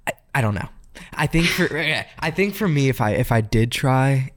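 A young man chatting casually with a friend, his voice sitting at an ordinary middle pitch. He tells stories in a loose, rambling way, stumbling over restarts and laughing often. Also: lively intonation, normal speed. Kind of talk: casual chat.

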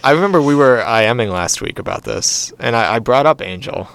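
A man's voice: mid-range voice, animated, brisk, creaky, a bit bright. A man co-hosting a podcast, chatting playfully and arguing jokingly, laughing often. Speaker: podcast co-host. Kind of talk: casual chat.

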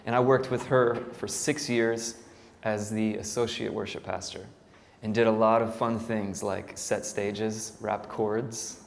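With a low, gravelly voice, little pitch movement, and a measured pace, a worship pastor in his thirties recounts his story to a church crowd. He keeps it casual, full of fillers and jokes at his own expense, while the church hall lends reverb and a faint ambient hum.

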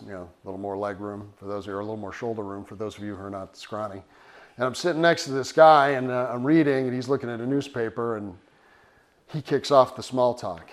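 A middle-aged man preaching a sermon, telling stories in a conversational, earnest way. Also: mid-range voice. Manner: conversational storytelling, animated and earnest. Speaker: pastor.

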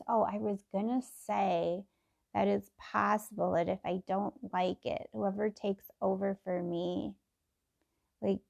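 A woman's voice: medium pitch, fairly even intonation, slow pace, vocal fry, a little mellow, lo-fi sound. A middle-aged woman thinking aloud in a casual personal podcast, meandering and full of fillers and restarts.

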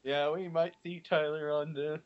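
A man chatting with friends over a movie, hesitant and halting, with plenty of chuckles. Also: on the high side, level tone, clear, resonant tone. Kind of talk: casual chat. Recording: dull lo-fi home recording.

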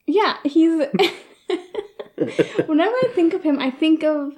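A woman's voice: high voice, animated, unhurried, darkish tone, muffled recording. A woman co-hosting a casual podcast chat, giggling often and rambling with frequent restarts. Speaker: podcast co-host.

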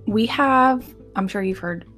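A woman's voice: on the high side, measured pace, a bit bright, faint music behind. A young American woman hosting a podcast, chatting casually in a bubbly, giggly, rambling way full of fillers. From United States. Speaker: podcast host. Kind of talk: casual chat.

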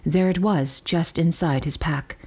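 A woman with a somewhat low voice reads scripture aloud. Her delivery is measured and clear, in a storytelling manner. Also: dark tone. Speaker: reader.

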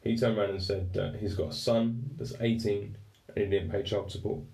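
A young man telling a story in a casual, animated and self-mocking way. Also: on the low side, normal speed, gravelly. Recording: roomy and distant mic.

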